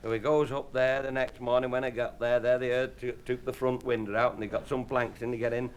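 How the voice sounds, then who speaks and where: A man's voice: medium pitch, level tone, fairly quick. A man telling rambling, bawdy comic anecdotes as an after-dinner speaker, chuckling as he goes. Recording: hissy old live tape recording. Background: audience laughter.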